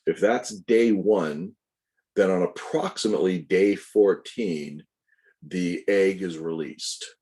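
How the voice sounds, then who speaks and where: A man lecturing on anatomy in a deep voice. His tone is dark and mellow. He walks through each point step by step, pausing to correct himself and to add asides for his students. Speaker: anatomy instructor. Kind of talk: recorded lecture.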